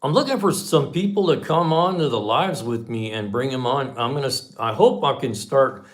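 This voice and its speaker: A man's voice: medium pitch, normal speed. A man in his fifties hosting a livestream, telling a car story in a folksy, chatty way and acting out the dialogue. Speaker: channel host on a livestream.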